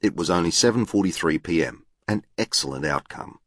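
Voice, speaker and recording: A man's voice: sits low, lively intonation, fairly quick, a bit bright, dry recording. A man narrating an audiobook in a formal, literal, precise manner. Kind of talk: scripted narration.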